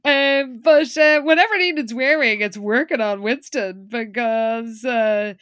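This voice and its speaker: High-voiced woman recapping lively. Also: measured pace, clear, resonant tone, no echo, studio quality. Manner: lively storytelling, acting out characters' lines. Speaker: podcast co-host. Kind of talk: casual recap chat.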